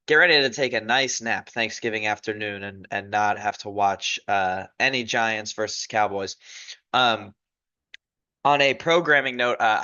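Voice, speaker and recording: A man's voice: on the low side, sharp tone. A man hosting a casual sports recap podcast, talking in a rambling, self-correcting, opinionated way. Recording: dull lo-fi recording.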